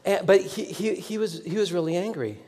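A man's voice: high voice, a little fast, a little mellow. A man preaching a sermon as a pastor, telling a story in a rambling, self-deprecating way with many restarts. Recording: long echoing hall reverb.

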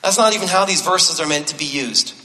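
Bright-voiced male pastor in a reverberant hall. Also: a little high, fairly quick. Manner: conversational preaching with self-deprecating humor, repeating key phrases. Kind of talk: sermon. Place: church sanctuary. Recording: long reverb of a large hall.

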